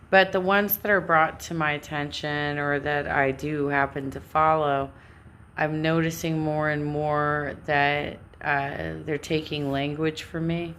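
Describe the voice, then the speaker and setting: A woman's voice: sits low, steady tone, measured pace, fairly bright tone, slight background noise. A woman with a Californian accent talking to her live stream audience in a rambling, self-interrupting way, laughing now and then. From Southern California. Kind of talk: casual monologue.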